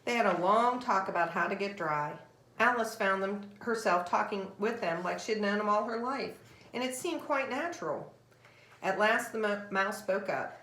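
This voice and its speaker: A woman reading a children's story aloud in a gentle, measured way. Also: medium pitch. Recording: roomy echo.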